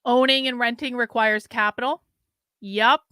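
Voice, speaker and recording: A woman hosting a livestream, talking back to her chat with a sarcastic edge and many quick restarts. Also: a little high, steady tone, sharp tone, smooth, no room sound. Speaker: show host. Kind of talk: livestream commentary.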